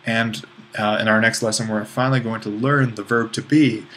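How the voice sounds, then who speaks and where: A man's voice: fairly low pitch, fairly even intonation, moderate pace, fairly bright tone, a little hiss or hum. A man teaching a recorded online grammar lesson, explaining step by step in an informal way with frequent restarts and fillers. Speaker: Greek language instructor.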